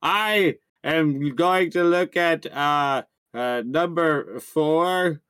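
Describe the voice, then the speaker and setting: A man's voice: fairly high pitch, extremely slow, fairly bright tone, clean tone, no room sound. A man playing in a tabletop game, cheerful and hesitant as he picks his moves. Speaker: player. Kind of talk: casual tabletop play.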